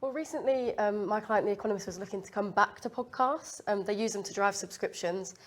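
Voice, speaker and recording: A woman from a media agency speaking on a business panel about a campaign, measured and with some fillers. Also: mid-range voice.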